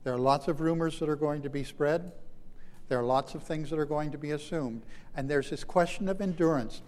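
A man's voice: a little high, darkish tone, long reverb tail. A man preaching a sermon as pastor, with dramatic emphasis that swells and drops, stretching out key phrases. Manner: dramatic, rising and falling emphasis with slowed phrases.

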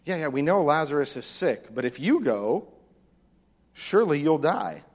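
A man preaching a sermon as pastor, animated, acting out voices from the text. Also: on the high side, normal speed. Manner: animated, acts out the disciples' lines. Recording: long reverb of a hall.

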